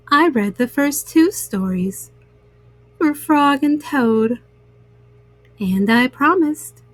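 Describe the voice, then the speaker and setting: A woman reading bedtime stories aloud to young listeners, gentle and soothing. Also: high-pitched, no room sound. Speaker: storyteller.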